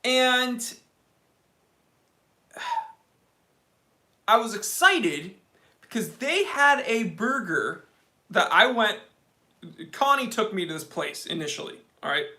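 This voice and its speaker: A man's voice: sits high, slow, pauses often. A young man hosting a casual livestream, telling a story as a comic rant and talking to viewers by name. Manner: animated comic ranting. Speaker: livestream host.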